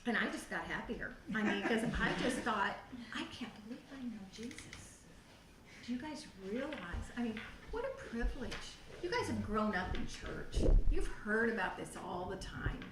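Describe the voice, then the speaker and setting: Animated woman giving her testimony, echoey. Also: medium pitch, normal speed, few pauses. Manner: animated storytelling, acts out her own past reactions. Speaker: testimony speaker at a youth group. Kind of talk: personal testimony talk. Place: church youth room. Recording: echoey room, voice from far off the mic, faint noise.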